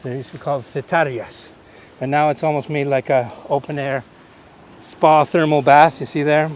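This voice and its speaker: A man's voice: fairly high pitch, steady tone, normal speed, darkish tone, slight background noise. Chatty Canadian-raised man guiding a walk. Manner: chatty, pointing out sights. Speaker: host. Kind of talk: live-streamed walking tour. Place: outdoors on a coastal walk.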